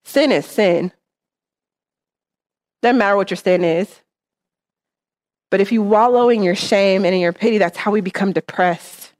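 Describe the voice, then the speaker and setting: A woman's voice: medium pitch, a little slow, long pauses, a little mellow. A woman preaching in church, talking in an earnest, conversational way and often checking in with her listeners. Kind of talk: sermon.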